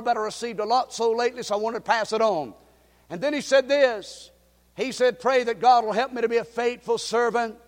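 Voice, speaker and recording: Fervent preacher, high voice. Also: male voice. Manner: fervent preaching with sudden shouts and Southern folksy asides. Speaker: pastor. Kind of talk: sermon. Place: church sanctuary. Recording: long hall reverb.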